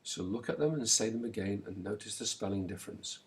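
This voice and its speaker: A man teaching a recorded language lesson, slowly and clearly modelling words and pausing so the listener can repeat them. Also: lowish voice, expressive. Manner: slow, clear modelling of words with pauses for repetition.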